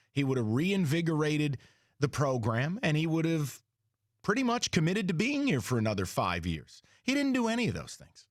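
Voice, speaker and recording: A man's voice: medium pitch, no echo, clean studio sound. A man hosting sports talk radio, ranting bluntly and heatedly with some profanity.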